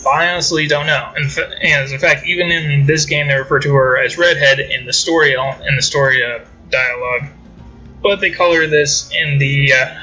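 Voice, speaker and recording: A man's voice: on the high side, bright, forceful tone, low-quality recording. A man chatting loosely through mobile game commentary, wandering from point to point as he clicks through menus. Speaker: gaming channel host.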